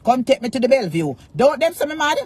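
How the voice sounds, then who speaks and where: Husky Jamaican woman ranting defiantly. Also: sits high, sing-song, quick pace, darkish tone. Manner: defiant, cursing in Jamaican Patois, repeating taunts. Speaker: social media personality. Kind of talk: angry rant to camera.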